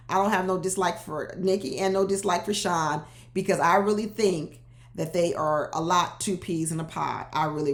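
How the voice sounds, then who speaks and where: Woman w/ AAVE dishing on a reality show, laughing, talks right at the cast, roomy echo. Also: lowish voice. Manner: animated, laughing, talks straight to cast members. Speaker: reality show recap host. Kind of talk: casual commentary.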